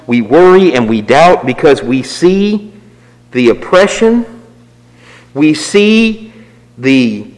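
Male preacher, high and very animated, reverberant hall sound. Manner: swings from raised emphatic lines to low quiet asides. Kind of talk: sermon.

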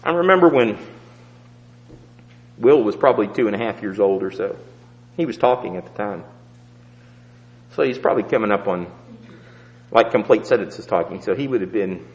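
Animated preacher, man, long hall reverb. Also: moderate pace, long pauses, highs cut off. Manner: storytelling, swinging from loud emphatic peaks to hushed low asides. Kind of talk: sermon.

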